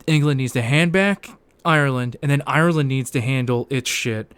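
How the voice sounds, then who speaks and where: A man's voice: medium pitch, a bit bright, clear, resonant tone, no echo. A man co-hosting a casual livestream. He talks loosely with lots of fillers and slips into playful exasperation. His voice sits in an average range and sounds dry and close to the mic. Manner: fast filler-heavy talk, laughing and exasperated. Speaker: co-host reading aloud. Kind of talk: casual livestream chat and reading.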